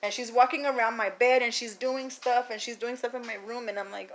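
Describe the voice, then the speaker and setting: A woman telling a story in a casual vlog, animated, acting out the people in it and laughing often. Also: fairly high pitch, brisk, few pauses. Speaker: vlogger.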